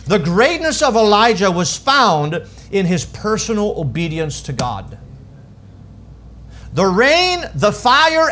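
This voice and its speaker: A pastor preaches to his church in a high voice that leaps and drops. He swings between loud, ringing calls and quiet, low lines, giving each point dramatic weight in the sanctuary. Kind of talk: sermon.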